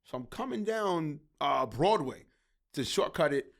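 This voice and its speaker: A man hosting a podcast, telling a story in a casual, slangy, animated way. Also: fairly high pitch, unhurried, vocal fry. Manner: animated, slangy, laughing through stories. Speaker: podcast host.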